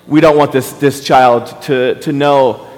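A man's voice: mid-range voice, fairly even intonation, a little slow, darkish tone. A man preaching an impassioned sermon to his congregation, repeating rhetorical questions. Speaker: pastor. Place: church hall. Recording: reverberant hall.

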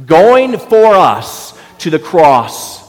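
Male pastor, fervent sermon delivery with repeated questions, higher voice, echoing church hall. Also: very animated, very slow, a little mellow. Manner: impassioned, repeats rhetorical questions. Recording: reverberant hall.

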